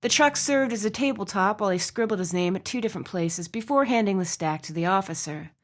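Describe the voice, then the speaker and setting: A woman reading a romance novel aloud as audiobook narrator, with expressive storytelling. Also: medium pitch, fast talker. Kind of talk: scripted narration.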